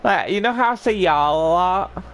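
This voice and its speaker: A man's voice: sits high, lively intonation, moderate pace, fairly bright tone. A young man streaming a game and bantering playfully with a friend, teasing and laughing often. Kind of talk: casual banter while gaming.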